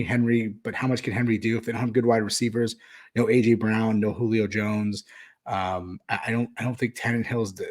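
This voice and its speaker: A man hosts a podcast, casually walking through his sports betting picks in a rambling, hesitant way with frequent fillers and restarts. His voice is fairly low in pitch and a little mellow.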